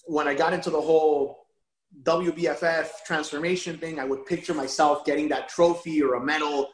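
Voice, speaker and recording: A man telling a personal story as an interview guest, animated and emotional, often repeating words as he restarts. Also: fairly high pitch, moderate pace, reverberant, low-quality recording. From Miami area. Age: adult father of a young son.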